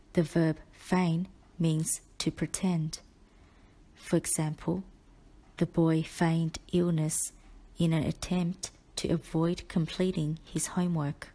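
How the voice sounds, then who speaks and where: A woman tutor reading a spelling list aloud, with definitions and example sentences, in a measured and carefully enunciated way. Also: low voice, dark tone. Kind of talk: slow spelling-list dictation.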